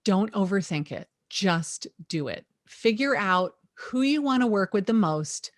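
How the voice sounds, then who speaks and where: A middle-aged woman talks with lively, emphatic energy as an interview guest, sharing practical advice. Her voice sits at a mid pitch and sounds dry and close, with no room echo. Now and then she slips into sarcastic asides. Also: unhurried. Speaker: real estate agent, interview guest.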